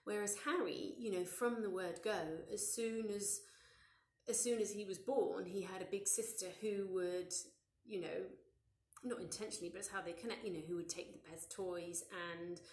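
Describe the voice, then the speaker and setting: A woman in her thirties giving a live parenting session, gentle and conversational, with many fillers and restarts. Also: medium pitch, fairly even intonation, moderate pace, roomy sound. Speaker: parenting educator.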